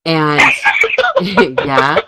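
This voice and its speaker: Her low-pitched voice stays fairly even and very slow as this middle-aged woman, co-hosting a radio talk show, chats about her family and laughs a lot. The clip is very noisy.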